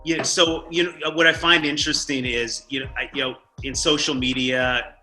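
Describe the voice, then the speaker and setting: A man hosting an interview over a video call, asking thoughtful, halting questions. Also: medium pitch, steady tone, pushed and bright, faint music behind, poor audio. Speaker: interview host.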